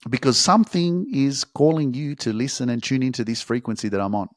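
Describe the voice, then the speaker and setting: A man, a motivational coach delivering a forceful, profane, repetitive pep talk. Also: mid-range voice, fairly quick, no echo. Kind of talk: motivational monologue.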